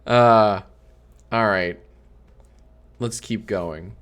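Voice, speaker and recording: A man in his thirties chatting casually on a live stream, joking, sarcastic and swearing freely, often breaking into high laughter. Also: very slow, fairly bright tone, clear, resonant tone.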